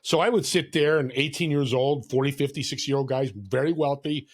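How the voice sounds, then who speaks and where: An earnest man in his sixties speaks as a podcast guest, his voice sitting at a middle pitch. He tells a story from his own life in a heartfelt, unhurried way and briefly puts on the voices of other people in it. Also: husky. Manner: warm, earnest storyteller who acts out quoted voices. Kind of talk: casual storytelling interview.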